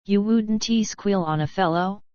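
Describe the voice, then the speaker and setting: Audiobook: woman reading a dignified, defiant young outlaw, slow and dry. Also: medium pitch, darkish tone, smooth, dry recording, close to an everyday voice. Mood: cool. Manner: quick, dignified, defiant answers. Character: cool-headed young male outlaw newcomer. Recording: dull lo-fi.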